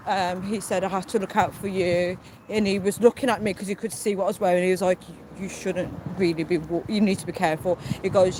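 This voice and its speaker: Young British woman, casual live street vlog on a phone, mid-pitched, traffic noise clearly behind. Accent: British English. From United Kingdom. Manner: breathless retelling with many quoted asides. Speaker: livestream vlogger. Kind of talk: casual livestream storytelling. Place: outdoors on a city street at night. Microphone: phone held while walking. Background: passing traffic.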